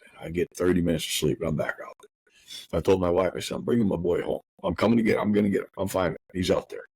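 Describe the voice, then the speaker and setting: A middle-aged man hosting a podcast, telling a painful personal story in a rough, profane, rushed way full of restarts. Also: deep voice, fairly even intonation, darkish tone, no echo. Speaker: podcast host.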